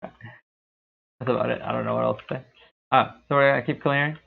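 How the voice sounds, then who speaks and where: A young man streaming a game, talking through his play in a laid-back, rambling way with a deep, dark voice. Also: steady tone, normal speed, gravelly, slightly rough. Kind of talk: casual gameplay commentary. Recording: tinny lo-fi stream mic.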